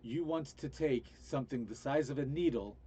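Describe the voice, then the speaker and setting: A man runs a tabletop game as game master, narrating in halting stops and restarts. His voice is mellow and husky, heard over an online voice call. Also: mid-range voice.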